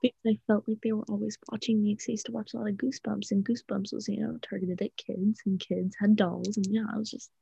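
A woman's voice: mid-range voice, level tone, fast, vocal fry, few pauses, mellow, breathy edge, dry recording, lo-fi sound. A woman co-hosting a podcast in a casual chat, telling a family story in a laid-back way that trails off. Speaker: podcast co-host.

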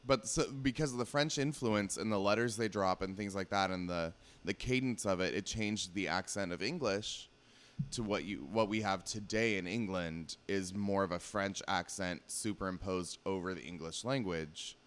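A man's voice: low-pitched, normal speed, fairly bright tone, smooth. A man with a Pacific Northwest American accent, a podcast guest chatting casually and rambling through a nerdy explanation with lots of "um"s. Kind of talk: casual chat.

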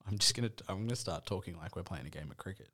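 A man's voice: deep voice, rapid-fire, pushed and bright. A young man, co-hosting a podcast in casual chat, rambling through stories and laughing often. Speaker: podcast co-host.

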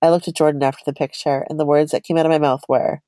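A woman's voice: low voice, flat delivery, fast, mellow, no echo. A woman co-hosting a podcast, reading a personal story aloud in a chatty, giggly way.

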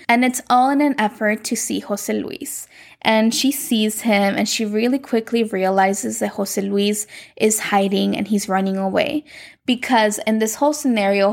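A woman casually recapping a telenovela plot, chatty and animated, quoting characters as she goes. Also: medium pitch, vocal fry. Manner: chatty, animated, frequent "like", quotes characters in passing.

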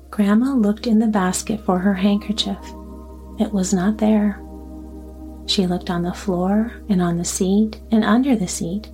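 A woman narrating a story aloud in a steady, even storybook reading. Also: mid-range voice. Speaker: audiobook narrator.

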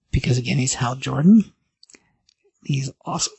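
Podcast host, male, slightly high, husky; animated casual recap, dry close sound. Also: no echo. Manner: animated storytelling, acting out dialogue in quick voices. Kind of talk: casual comic book recap.

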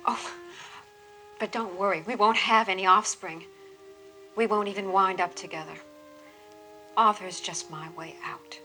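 An actress playing a young woman, quiet and resigned, in a 1970s film scene. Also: mid-range voice, fairly even intonation, measured pace, pauses often, faint music behind.

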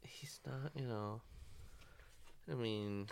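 A man's voice: on the low side, slow pace, creaky, crowd noise. A man co-hosting a casual podcast, rambling and hesitant as he makes his point. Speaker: podcast co-host.

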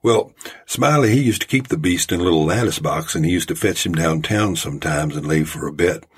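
A man doing a raspy old mining-camp yarn-spinner. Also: deep voice, fairly quick. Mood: folksy. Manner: folksy drawling tall-tale telling.

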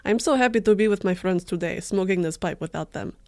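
A woman's voice: medium pitch, fast talker, darkish tone, no echo, lightly acted. A woman voicing a cheeky male Russian hiker reading his diary aloud in a put-on Russian accent, smug and mock-earnest.

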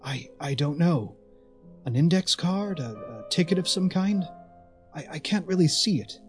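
A man's voice: a little high, expressive, faint music behind. A man reading the part of a confused, shaken young man who stammers and halts through his lines. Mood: dazed, confused. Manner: halting, stammering.

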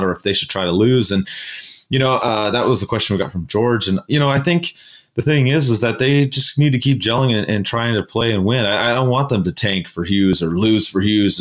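Low-voiced male podcast co-host, loose rambling delivery, frequent fillers. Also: a bit bright. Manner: rambling, many fillers and restarts. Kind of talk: casual sports chat.

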